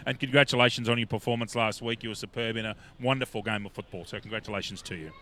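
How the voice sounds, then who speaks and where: A man's voice: on the low side, steady tone, fast talker. A man with an Australian accent, a local football commentator, introducing teams and bantering with his co-host. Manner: warm, bantering announcer. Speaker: sports commentator. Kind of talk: live sports commentary. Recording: faint background noise.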